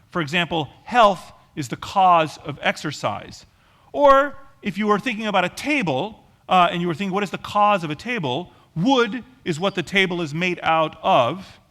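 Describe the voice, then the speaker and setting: A male professor giving a university lecture to a class, talking quickly and informally with frequent ums and uhs. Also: high voice, bright, forceful tone. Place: lecture hall.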